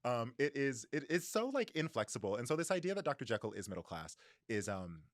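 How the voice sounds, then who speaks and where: Fast-talking American man, dry close sound. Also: mid-range voice, dry recording. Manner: animated, laughs often, acts out characters loosely in his own voice. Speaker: podcast co-host. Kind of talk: casual book discussion.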